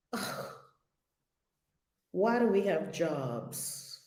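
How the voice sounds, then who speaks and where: A woman's voice: lowish voice, very slow, reverberant. A woman spiritual teacher leading a group discussion, emphatic and blunt, sometimes swearing and acting out little scenes. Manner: animated, acts out little scenes.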